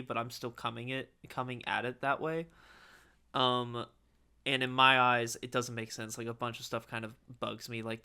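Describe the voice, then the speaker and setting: A man's voice: medium pitch, clear, resonant tone. A young man co-hosting a podcast in casual chat, laughing often and acting out quotes as he tells stories. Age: young adult. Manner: laughs often, animated storytelling with acted-out quotes. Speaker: podcast co-host.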